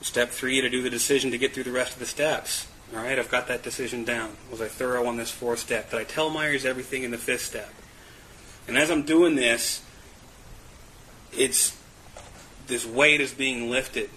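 A man with a bright, forceful voice tells his own recovery story candidly, poking fun at himself, laughing often and tripping over repeated words. His pitch sits in a middle range. A faint hum of room noise is heard behind him. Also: steady tone, normal speed, poor audio. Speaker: speaker sharing recovery story. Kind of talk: personal testimony at a meeting.

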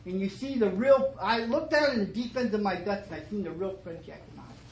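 A middle-aged man telling his story at a twelve-step meeting, starting low and emotional and rising to fervent emphasis, with many repeated phrases. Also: brisk, creaky. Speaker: recovering alcoholic sharing his story. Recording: echoey meeting room, faint noise.

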